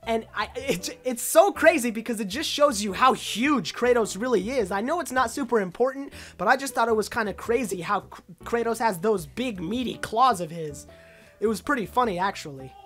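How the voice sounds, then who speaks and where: A woman giving casual, excited commentary on a video game trailer, rambling with lots of uh and like fillers. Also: fairly high pitch, normal speed, faint music behind.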